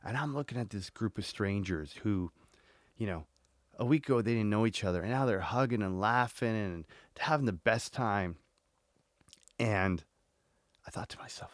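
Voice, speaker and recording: Low-voiced man telling his story. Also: dry recording. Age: 40s. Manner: animated, acts out inner dialogue, swears casually. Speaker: guest. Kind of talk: podcast interview storytelling.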